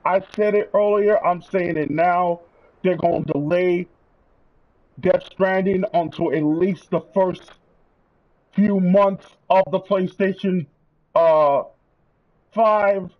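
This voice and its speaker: A man's voice: sits high, fairly even intonation, slow pace, long pauses, narrow, tinny audio. A man streaming, delivering a heated, profane rant to his viewers. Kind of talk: angry rant.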